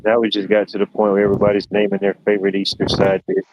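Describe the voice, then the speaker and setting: Male host, low-pitched, easygoing rambling chat, muffled lo-fi stream sound. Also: completely flat delivery, rapid-fire, very noisy. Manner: rambling, laid-back storytelling with many fillers. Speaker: livestream show host. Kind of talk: casual chat. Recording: dull lo-fi stream audio.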